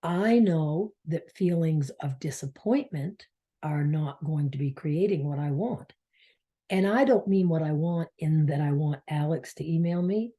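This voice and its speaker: At a measured pace, a woman with a low-pitched, dark voice tells a heartfelt personal story in rambling fashion, dipping at times to almost a whisper. She is from Maine, United States, and works as a spiritual coach and channel host.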